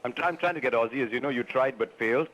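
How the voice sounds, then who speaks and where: A man's voice: medium pitch, rapid-fire, fairly bright tone, a little hiss or hum. A man from India with an Indian accent, chatting as a guest over a phone link, teasing and laughing. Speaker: guest commentator on the phone line. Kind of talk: casual chat on a phone link. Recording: slightly dull phone-line sound.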